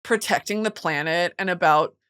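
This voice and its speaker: A young woman hosting a casual chat show, animated and expressive, swearing freely. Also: lowish voice, moderate pace, smooth. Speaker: podcast host.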